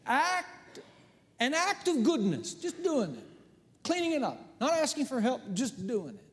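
Casting: middle-aged male pastor, high lively voice, dramatic storyteller, church reverb. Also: measured pace. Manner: animated storytelling, swings from hushed to loud. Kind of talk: sermon. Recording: long hall reverb.

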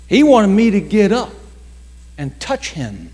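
A male pastor telling a story in a sermon, dramatic, slowing down for emphasis and acting out the voices of others. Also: sits high, wildly swooping pitch, darkish tone, big-room sound. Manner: dramatic storytelling with slowed emphasis and acted quotes.

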